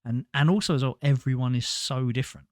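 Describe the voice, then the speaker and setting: A man's voice: mid-range voice, quick pace, dry recording. Earnest male podcast host, dry sound. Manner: rambling, earnest, stumbles and restarts often. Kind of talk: casual conversation.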